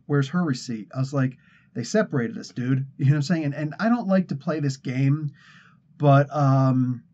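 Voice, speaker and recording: An American man tells a long, rambling story in a casual monologue, acting out each person's lines and laughing as he goes. His voice sits in an ordinary middle range. The recording is dull and lo-fi. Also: mid-range voice. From United States. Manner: rambling, animated retelling with acted-out quotes and laughs. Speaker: comic culture channel host.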